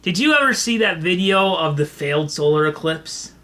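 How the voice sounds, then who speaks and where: Animated, bright-voiced podcast storyteller. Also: mid-range voice, normal speed. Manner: animated storyteller, laughs often. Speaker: podcast co-host. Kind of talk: casual comedy podcast chat.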